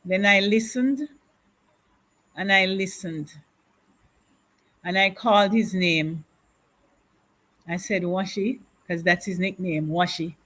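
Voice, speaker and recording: A grieving woman gives interview testimony, slowly and deliberately, with heavy repetition. Her voice is bright and tense, and she takes her time over every phrase. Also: mid-range voice. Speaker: widow of a councillor, guest.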